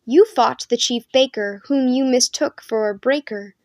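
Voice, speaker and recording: A woman voicing a stern male ranger commander who scolds in a grave, measured way. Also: high voice. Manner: solemn, measured reproach.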